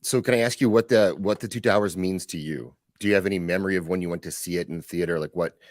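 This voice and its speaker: A man with a lowish voice co-hosts a loose chat. He rambles in a friendly way and restarts his sentences often. The recording is dry and close. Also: quick pace, no room sound. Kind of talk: casual chat.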